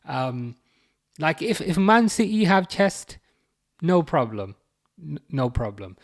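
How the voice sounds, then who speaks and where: A man's voice: fairly high pitch, very animated, slow. A man from England chatting casually on a live football watchalong stream, reading out viewer messages and teasing them. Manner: chatty, reads chat messages aloud, teasing.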